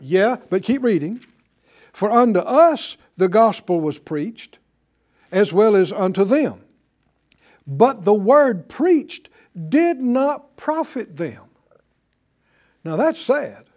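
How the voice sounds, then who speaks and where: A man's voice: sits high, very animated, takes it slowly, long pauses, darkish tone. A man preaching a sermon, asking the congregation questions and acting out quotes. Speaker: pastor.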